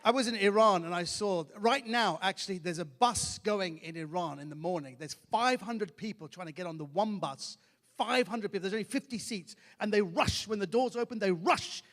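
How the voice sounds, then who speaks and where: An animated male comedian tells stories from a theatre stage, slipping into the voices of the people he describes. His voice sits fairly high, and the long hall reverb hangs behind it. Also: normal speed. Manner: animated, acts out quoted voices. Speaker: stand-up comedian. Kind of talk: stand-up storytelling.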